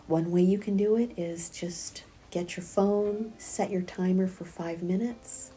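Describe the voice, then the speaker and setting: A middle-aged woman leads a prenatal yoga class in a soft, breathy voice that often drops to a half-whisper. She talks at an unhurried, very slow pace in a fairly low, mellow tone. She counts the breaths aloud over faint music. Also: fairly even intonation. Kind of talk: guided yoga class instruction.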